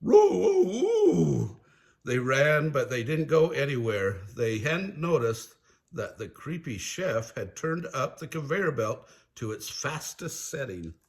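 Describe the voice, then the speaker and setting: An older man reading a children's storybook aloud in a slow, animated storytelling manner. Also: medium pitch. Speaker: storybook reader.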